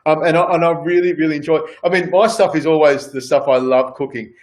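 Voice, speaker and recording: A man's voice: a little high, steady tone, a little fast. A man with an Australian accent, a chef chatting casually as a guest, rambling and repeating words with many fillers. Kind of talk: casual chat on a video call.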